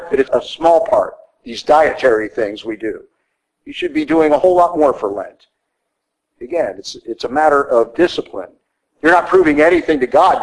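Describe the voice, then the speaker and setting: Emphatic preacher man with gravelly voice. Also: poor audio. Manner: emphatic, rhetorical, with sudden high rises for stress. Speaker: priest. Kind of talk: sermon.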